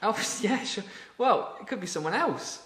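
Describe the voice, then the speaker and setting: High, teasing male co-host. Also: expressive, moderate pace, pushed and bright. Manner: teasing, laughing interjections. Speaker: podcast co-host. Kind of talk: casual chat. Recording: roomy echo.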